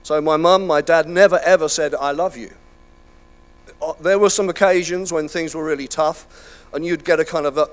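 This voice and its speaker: A man's voice: a little high, fairly even intonation, moderate pace. An older man preaching a sermon in a chatty, self-deprecating way, with many fillers and restarts. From United Kingdom. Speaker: pastor. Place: church hall.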